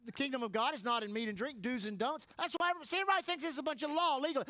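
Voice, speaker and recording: A male pastor preaching a sermon emphatically, swinging between shouts and low asides and laughing often. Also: very fast, hardly any pauses, no echo.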